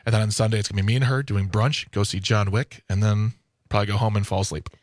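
A man's voice: on the low side, steady tone, fast talker, dry recording, clean studio sound. A man co-hosting a radio show, chatting casually in a playful, chatty way and laughing easily. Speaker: radio co-host.

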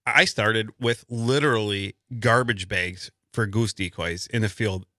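A man with a bright, forceful voice tells an eager story on a radio talk show. The sound is dry and close. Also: on the low side, measured pace, no room sound. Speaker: radio co-host. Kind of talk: casual radio chat.

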